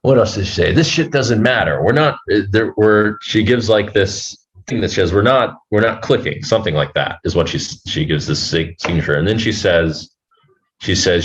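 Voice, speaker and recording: A man telling a personal story as a podcast guest, halting and rambling, swearing freely. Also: sits low, expressive, dull audio. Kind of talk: casual storytelling.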